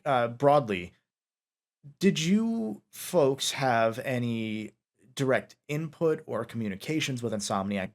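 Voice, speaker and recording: Rambling man hosting an interview. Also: lowish voice. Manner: rambling, many fillers and restarts. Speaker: interviewer, podcast host. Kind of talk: casual interview chat.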